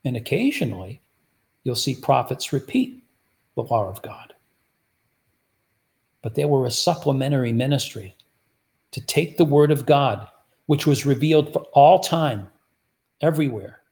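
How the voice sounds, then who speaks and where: A man's voice: medium pitch, animated, unhurried, vocal fry, pauses often, a little mellow. A man preaching a sermon, teaching through rhetorical questions he puts to his listeners. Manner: rhetorical, repeatedly asks the audience "guess what".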